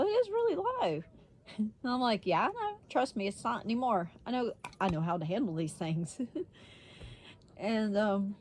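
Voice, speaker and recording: A woman vlogger telling a story in a casual, blunt way, swearing freely and laughing often. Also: medium pitch.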